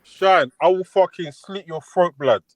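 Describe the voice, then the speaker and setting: A man's voice: high-pitched, a little slow, no echo. A man on an online call, making threats in heated trash talk and tacking "blood" and "bruv" onto his lines.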